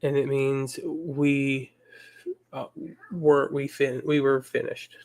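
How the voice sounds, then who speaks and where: Man, very slow, hesitant, thinking aloud, mid pitch, video call. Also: flat delivery, darkish tone. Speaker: student in an online language class. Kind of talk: casual online class discussion.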